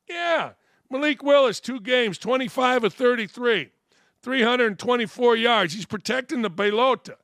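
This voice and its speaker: Sports talk host in his 60s, brash and rambling, high bright voice, dry studio sound. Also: vocal fry, dry recording.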